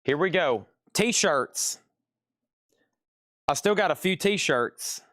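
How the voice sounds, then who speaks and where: A man's voice: a little high, expressive, extremely slow, fairly bright tone, dry recording, studio quality. A man hosting a live-stream vinyl sale, chatting casually as he reads out buyers' names, prices and the condition of each record. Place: record shop.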